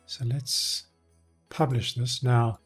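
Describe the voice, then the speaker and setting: A man at his desk microphone walks through his coding work for a live stream, thinking aloud in a relaxed, unscripted way. His voice is a little husky and sits at an ordinary middle pitch. Faint music plays quietly behind him. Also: takes it slowly. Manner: thinking aloud, many ums and self-corrections. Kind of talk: casual live-coding walkthrough.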